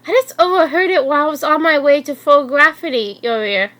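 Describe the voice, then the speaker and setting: Eine Frau als sanfte, tröstende Schülerin. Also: female voice, high voice, lively intonation, brisk, voice pushed up. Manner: gentle, reassuring. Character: kind teenage girl student, comforting.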